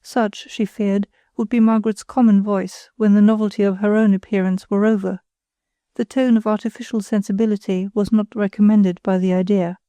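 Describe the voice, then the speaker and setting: A woman with a mid-range voice narrates a classic novel as an audiobook, reading a script in a measured, even storytelling manner. There's no room sound in the recording.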